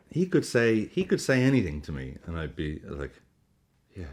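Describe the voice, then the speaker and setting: A man with a low voice talks through a reaction video in a loose, joking way, swearing now and then. His delivery is animated and casual. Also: a little fast. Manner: animated, jokey, swears freely. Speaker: football reaction video host.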